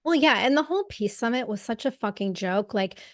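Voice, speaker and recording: A woman's voice: a little high, expressive, fairly quick, dry recording, clean studio sound. Blunt, profane woman podcast co-host. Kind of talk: casual political chat.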